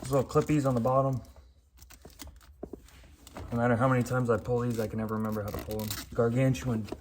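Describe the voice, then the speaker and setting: A young man talks through his car project in a loose, blunt vlog manner. He swears freely and pokes fun at himself. His voice sits at an everyday middle pitch. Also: fairly even intonation, quick pace, darkish tone, a little hiss or hum. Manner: blunt, swearing, self-deprecating. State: out of breath. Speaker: car vlogger. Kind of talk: casual vlog. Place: home garage.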